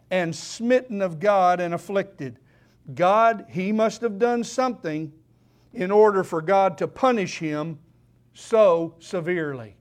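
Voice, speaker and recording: A man preaching a sermon in church, slow and emphatic, repeating key phrases for weight. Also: sits high.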